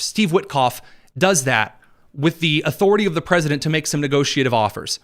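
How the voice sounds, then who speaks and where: A man hosting a political commentary show, talking in an animated, opinionated monologue. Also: a little high, brisk. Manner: animated, does mocking voices for quotes.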